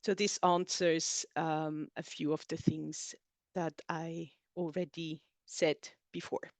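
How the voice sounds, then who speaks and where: A woman's voice: low voice, little pitch movement, slow, no echo. German-native woman lecturing over a call. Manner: explanatory, builds points in lists. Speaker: author presenting her book. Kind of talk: online seminar talk. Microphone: video call.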